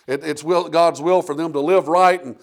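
A man preaching a sermon with emphatic delivery, reading scripture aloud and swinging between loud and quiet passages. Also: a little high, steady tone, normal speed. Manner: emphatic preaching, rising and falling in volume, reads scripture aloud.

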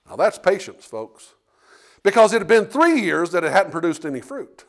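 A man's voice: sits high, big pitch swings, moderate pace. A man preaching a sermon to a church congregation. He asks rhetorical questions, acts out the dialogue of the story and repeats words as he builds his points. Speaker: pastor. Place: church sanctuary.

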